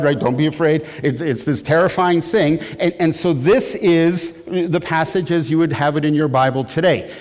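A man teaching church history in a lecture, animated, often repeating words and asking his listeners questions. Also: on the high side. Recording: long hall reverb.

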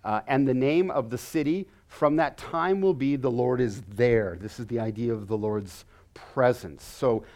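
A man's voice: mid-range voice, unhurried, few pauses, darkish tone. A man teaching a Bible lesson in an earnest way, often stammering and repeating words as he explains.

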